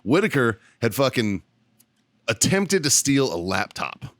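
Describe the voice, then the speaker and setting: A man hosting a podcast, telling a profane, animated story about his time as a Marine staff sergeant. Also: medium pitch, unhurried, no echo. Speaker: podcast host. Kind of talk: casual storytelling.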